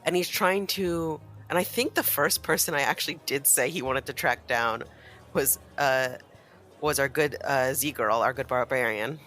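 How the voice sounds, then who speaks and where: A man's voice: medium pitch, normal speed, sharp tone. A man playing a tabletop game, describing his character's actions in a rambling way. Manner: rambling, many fillers. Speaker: player.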